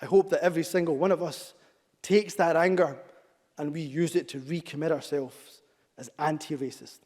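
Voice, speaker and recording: A man in his thirties giving a measured, emphatic parliamentary speech, hammering points home in repeated lists. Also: a little high, darkish tone, big-room sound. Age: 30s. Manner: measured, emphatic, repetitive listing. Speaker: member of parliament. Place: parliament debating chamber.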